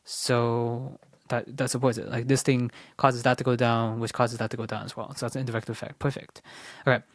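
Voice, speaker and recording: A young man talks himself through a timed test in a loose, rambling way, full of "like" and quick self-corrections. He drops into a mutter when he reads the questions. The recording is close and dry, with no room sound. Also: medium pitch, no room sound. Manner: mutters while reading questions under his breath. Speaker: test-prep tutor. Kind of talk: thinking aloud through a timed practice test.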